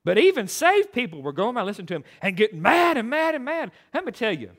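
A man preaching from the pulpit in an unusually high voice that leaps around with animated, emphatic swings. His tone is bright and sharp, and he stumbles into quick restarts as he drives his points home. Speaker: pastor. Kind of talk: sermon.

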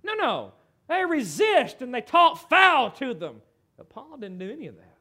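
A middle-aged American man preaching a sermon in an animated, conversational way, with asides to the congregation. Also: very high voice, normal speed. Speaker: pastor.

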